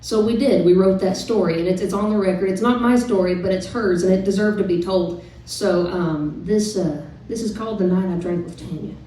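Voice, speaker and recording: A woman on a live club stage, talking between songs in a loose, chatty storytelling way. Her voice is dark and mellow. She is picked up from a distance, in a very echoey room with faint music around her. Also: mid-range voice, brisk, few pauses. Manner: chatty, relaxed storytelling with fillers. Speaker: singer-songwriter performing live.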